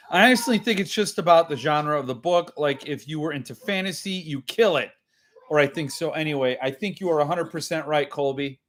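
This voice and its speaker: A man's voice: on the high side, fairly bright tone, slight background noise. A man hosting a casual live-stream chat with viewers, rambling and self-mocking, laughing often. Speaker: host.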